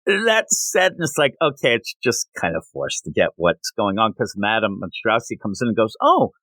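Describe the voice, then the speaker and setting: A man hosting a comic book review podcast, recapping the plot in a rambling, animated way and slipping into quick voices for the characters. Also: on the low side, no room sound.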